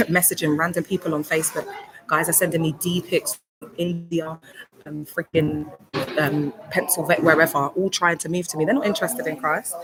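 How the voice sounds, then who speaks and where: A woman talking casually on a livestream from a hospital, emotional and rambling, greeting chat viewers by name. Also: lowish voice. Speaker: livestreamer, cult survivor. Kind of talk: casual live-stream talk. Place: hospital room. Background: hospital background noise.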